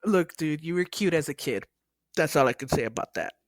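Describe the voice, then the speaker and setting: A woman's voice: sits low, animated, a little fast. A woman co-hosting a podcast, talking casually about films in an outspoken, emphatic way. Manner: outspoken, emphatic, laughs easily. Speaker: podcast co-host. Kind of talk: casual film chat.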